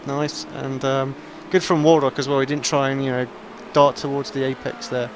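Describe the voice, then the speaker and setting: A man giving relaxed, conversational analysis as a sim racing commentator. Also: mid-range voice, moderate pace, noisy background. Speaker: race commentator. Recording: race car engines loud behind.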